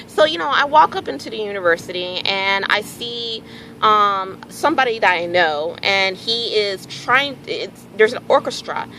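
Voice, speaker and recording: Woman, bright voice, casual animated storytelling, swears freely. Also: mid-range voice, normal speed, a little hiss or hum, poor audio. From Houston area, Texas. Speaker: vlogger.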